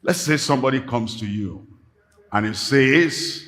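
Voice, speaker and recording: An older pastor from Nigeria preaching a sermon, emphatic and repetitive, rising to fervent calls. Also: male voice, mid-range voice, unhurried, fairly bright tone.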